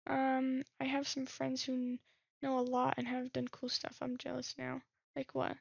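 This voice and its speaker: High gravelly woman reading game texts. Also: monotone, moderate pace, dry recording, lo-fi sound. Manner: reads messages aloud, muses and laughs at herself. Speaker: gaming streamer. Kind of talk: reading game text aloud with commentary.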